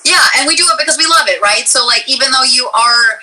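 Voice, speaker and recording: A woman's voice: high voice, quick pace, bright, forceful tone, distant mic, rough recording. A woman voice actor hosting an interview, enthusiastic and encouraging, chatting casually and laughing often.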